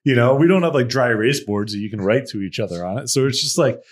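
A man's voice: mid-range voice, lively intonation, fast talker. A man telling a story in casual podcast chat, laughing often and swearing freely. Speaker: podcast co-host.

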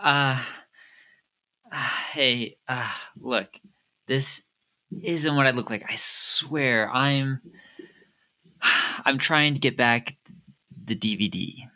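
A flustered, stammering former classmate, caught where he shouldn't be, voiced by a man. He sighs and pleads in a bright, forceful voice at a middling pitch for a man. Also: drawn-out words, pauses often, heavily acted. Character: nervous male former classmate caught snooping.

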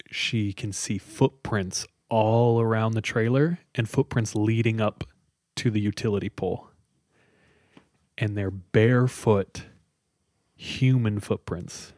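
Guy with a lowish voice telling a creepy story to his buddies, dry sound, lots of likes and ums. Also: a little mellow, dry recording. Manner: conversational, loose with many fillers. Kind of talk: casual storytelling of a scary story.

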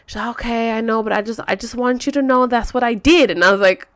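A young woman telling a personal story in casual, animated talk, swearing freely and acting out quotes. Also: a little high, brisk, hardly any pauses, smooth.

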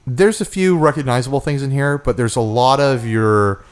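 Man, podcast co-host, casual chat, chatty, teasing, fillers, mid pitch. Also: normal speed.

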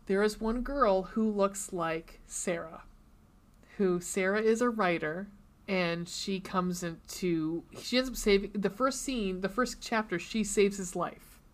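A woman's voice: medium pitch, measured pace. A woman co-hosting a podcast, chatting casually and gushing about books, swearing freely. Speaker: podcast co-host.

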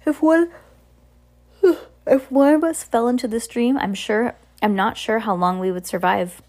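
A woman's voice: a little high, steady tone, unhurried, darkish tone. Anxious bookish teenage boy from a storybook, slightly raised voice, read by a woman.

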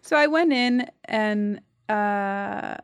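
Animated woman telling a story. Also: medium pitch, drawn-out words, dry recording, studio quality. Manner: animated storyteller, acts out quotes. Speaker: guest actress. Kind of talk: casual chat.

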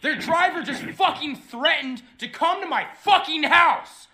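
A furious man ranting profanely on a phone line, shouting at times. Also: very high voice, animated, unhurried. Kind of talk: angry rant to a customer line.

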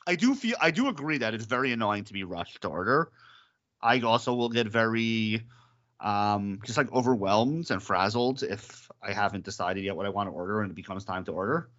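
A man's voice: on the low side, lively intonation, fairly quick, a bit bright, dull audio. A man co-hosting a podcast, rambling animatedly with lots of fillers. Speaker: podcast co-host. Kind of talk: casual chat about a TV episode.

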